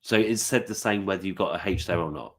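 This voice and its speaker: A man's voice: sits low, fast. A man with an English accent chatting casually on a video call, teasing and laughing often. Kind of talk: casual livestream chat.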